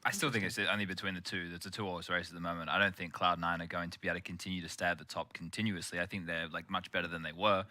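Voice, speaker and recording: Rapid-fire male analyst, deep voice with a sharp bright edge. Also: fairly even intonation, no echo. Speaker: esports analyst. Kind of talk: studio analysis chat.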